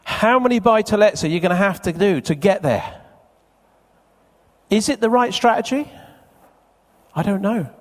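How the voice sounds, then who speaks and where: A man speaks live at a seminar and keeps questioning and teasing the crowd. His voice sits high and swings widely. It carries a long reverb of a big hall. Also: lively intonation, moderate pace, long pauses. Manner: chatty, teasing, quizzes the crowd. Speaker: event speaker. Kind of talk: live seminar talk to an audience. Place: conference hall with a live audience.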